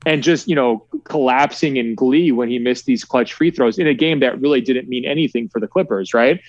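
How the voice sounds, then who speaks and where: A male sportswriter guest telling relaxed stories with lots of fillers in a conversational interview. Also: mid-range voice, fairly quick, no room sound, highs cut off. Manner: relaxed storytelling with many fillers.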